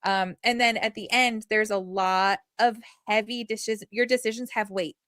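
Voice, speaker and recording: Woman co-host, mid pitch, chatty and rambling, close dry mic. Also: normal speed, dry recording. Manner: animated, rambling with many fillers. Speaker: podcast co-host. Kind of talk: casual chat.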